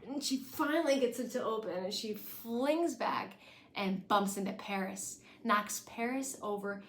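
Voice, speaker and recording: A woman's voice: on the high side, a little slow, a little hiss or hum. A young woman chattily recapping a TV episode, full of "like". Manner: chatty, lots of "like". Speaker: show recapper. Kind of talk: casual recap vlog. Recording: echoey room.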